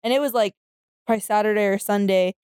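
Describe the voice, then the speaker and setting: A woman's voice: medium pitch, quick pace, darkish tone, clear, resonant tone, no room sound, clean studio sound. A young woman in casual chat, laid-back and telling a story with lots of fillers.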